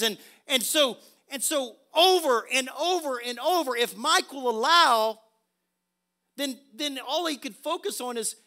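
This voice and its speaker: A man preaching a sermon as pastor, emphatic, swinging from quiet asides to loud exclamations. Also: very high voice.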